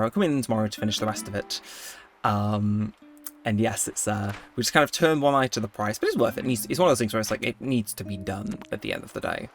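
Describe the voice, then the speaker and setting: Man, gaming video host, casual commentary, lively pitch, rambling and excitable. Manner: chatty, rambling and easily excited.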